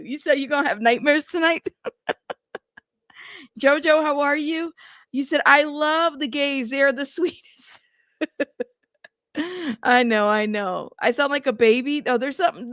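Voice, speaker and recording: Chatty woman streamer, high voice, bubbly shout-outs, dry room. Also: dry recording. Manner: bubbly, shouting out chat members by name. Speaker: livestream host. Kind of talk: casual livestream chat. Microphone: plug-in mic at a computer.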